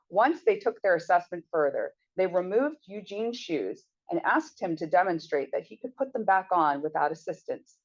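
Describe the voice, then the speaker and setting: Low-voiced woman lecturing. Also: lo-fi sound. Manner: measured, with small restarts and fillers. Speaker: sociology professor. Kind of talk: lecture reading from her own book.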